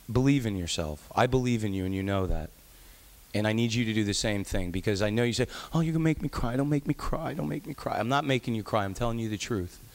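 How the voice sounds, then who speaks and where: A man, a state legislator, giving an affectionate farewell speech on the chamber floor, full of fillers and restarts. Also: lowish voice.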